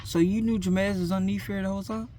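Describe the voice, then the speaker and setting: A man voicing an angry teenage girl who confronts classmates in a sharp, scolding way. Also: medium pitch, steady tone, quick pace, a little hiss or hum, voice pushed up, natural voice.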